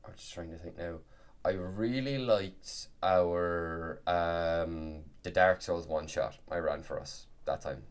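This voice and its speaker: A man with a very low voice talks casually on a podcast. He rambles and keeps restarting his sentences. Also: slow, smooth. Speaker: podcast co-host and game master. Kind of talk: casual chat.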